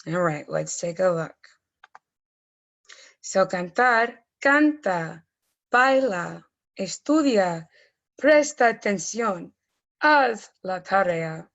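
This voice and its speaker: Slow, patient woman teaching Spanish. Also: mid-range voice, expressive, vocal fry, fairly bright tone, highs cut off. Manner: patient step-by-step explaining with frequent ums. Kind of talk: recorded grammar lesson.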